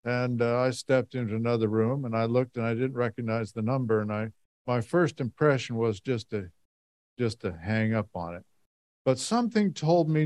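Speaking to a church audience, a middle-aged man rambles through a lengthy personal story in a folksy way, with plenty of "and, uh" fillers. He's a lay speaker with a mid-range, somewhat dark voice, recorded without echo.

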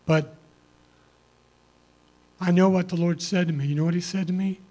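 Middle-aged man, fairly high pitch, plain-spoken and earnest; personal testimony to a congregation. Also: steady tone, normal speed, dark tone. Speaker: church member giving testimony.

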